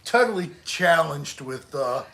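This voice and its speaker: A man's voice: a little high, lively intonation, measured pace, vocal fry, bright, forceful tone. A man hosting a casual livestream chat, joking and trying bad accents when asked. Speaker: host.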